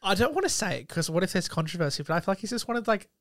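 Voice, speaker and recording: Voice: medium pitch, animated, very fast, a bit bright, dry recording, studio quality. A co-host of a casual film podcast, rambling with many likes.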